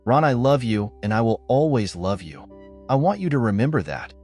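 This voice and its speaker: A man's voice: mid-range voice, big pitch swings, normal speed, darkish tone, soft background music. A man reading the part of a remorseful pleading wife. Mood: tender. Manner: pleading, apologetic. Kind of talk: storytelling narration.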